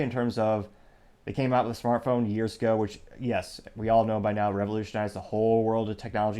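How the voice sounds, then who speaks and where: A man hosts his own podcast, running through tech news in a casual, sarcastic monologue. His fairly low voice is darkish, clear and resonant, and he keeps digressing, adding asides and interrupting himself to restart.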